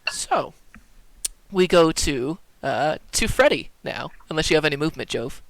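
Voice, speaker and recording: A man's voice: on the high side, moderate pace, creaky, no room sound. A man narrating and ruling as dungeon master in a tabletop game, talking loosely with many fillers. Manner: animated, with filler-laden narration.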